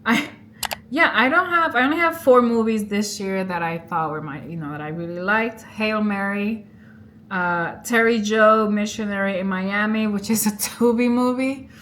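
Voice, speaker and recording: A young woman vlogger casually retelling and reviewing a movie, chatty and animated, acting out quoted lines. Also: mid-range voice, moderate pace, a little hiss or hum.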